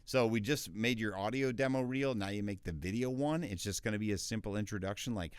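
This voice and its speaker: Low-voiced casual man teaching voiceover. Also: clear, resonant tone, no echo. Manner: quick, casual, with filler words. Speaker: voiceover tutor. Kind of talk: casual tutorial talk. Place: small home recording space.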